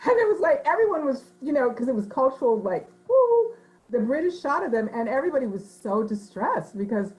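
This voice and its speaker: A woman author answering interview questions in an animated, thoughtful way, with frequent fillers, who slips into voices when quoting people. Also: a little high, moderate pace, rough recording.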